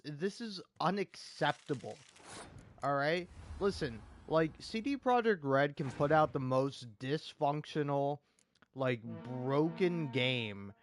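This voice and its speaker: A man with a slightly high voice rants angrily about gaming, swearing a lot and repeating himself in exasperation. He's a gaming video creator, and there's a little hiss or hum on the recording.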